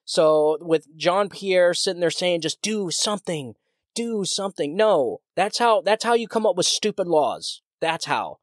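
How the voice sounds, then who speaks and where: A man's voice: high voice, expressive, measured pace, hardly any pauses, no room sound, clean studio sound. A man hosting his own podcast, talking in a heated, ranting way with many restarts and repeated words. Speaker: podcast host. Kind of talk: solo political commentary podcast.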